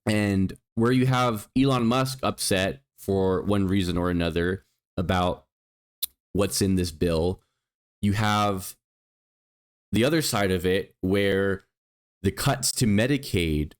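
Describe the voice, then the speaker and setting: A man's voice: sits low, takes it slowly, clean tone. A man hosting a political commentary show, speaking with indignant emphasis and reading out statistics. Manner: indignant, emphatic, reads out figures. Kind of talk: opinion commentary.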